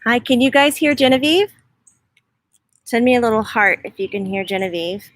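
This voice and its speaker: A woman's voice: fairly high pitch, lively intonation, normal speed, no echo. A woman hosting a casual livestream outdoors in her front yard, chatting and greeting viewers by name. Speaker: host, spiritual medium.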